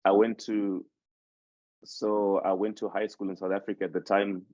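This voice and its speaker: A man's voice: fairly low pitch, little pitch movement, normal speed, dark tone, no echo. A man in his twenties from Zimbabwe, a native Shona speaker, reflecting on his life in a casual podcast interview, rambling and restarting his sentences. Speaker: podcast host interviewed as guest. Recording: dull dry sound.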